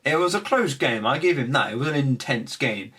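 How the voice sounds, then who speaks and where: A young man casually recapping his card game tournament, animated, acting out his opponents' remarks. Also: medium pitch, fairly quick, slightly rough. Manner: animated storytelling, acts out opponents' lines.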